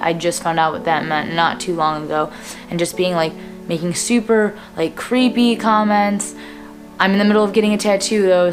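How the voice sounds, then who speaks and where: A young woman in her twenties talking to camera in a personal vlog, earnest and plain-spoken with frequent fillers. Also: on the low side. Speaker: vlogger.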